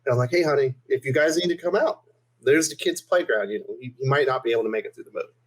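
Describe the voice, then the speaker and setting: A man's voice: mid-range voice, fast, low-quality recording. A man co-hosting a podcast, telling an exasperated story in casual chat. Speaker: podcast co-host.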